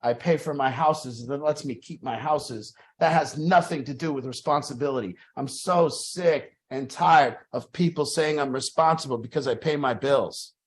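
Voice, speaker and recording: A man's voice: mid-range voice, normal speed, few pauses. A man leading a support group, talking emphatically, repeating key phrases with restarts and the odd swear word. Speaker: group leader. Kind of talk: motivational group talk.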